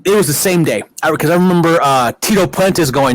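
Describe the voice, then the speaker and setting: A middle-aged man, a guest in a casual interview, telling animated stories with plenty of fillers and acted-out quotes. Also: fairly high pitch, fairly quick. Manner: animated anecdotes with many fillers and quoted voices. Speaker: guest, wrestling promoter.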